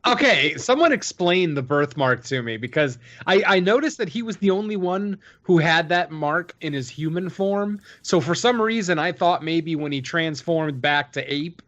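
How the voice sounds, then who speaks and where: A man's voice: fairly high pitch, animated, moderate pace, hardly any pauses, fairly bright tone, dull audio. A man on a podcast asking questions and making disgusted remarks in casual banter. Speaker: podcast guest.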